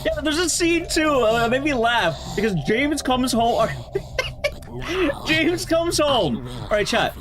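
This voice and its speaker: A man streaming, recapping a film in a casual, sarcastic and animated way. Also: very high-pitched, moderate pace, few pauses. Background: background music.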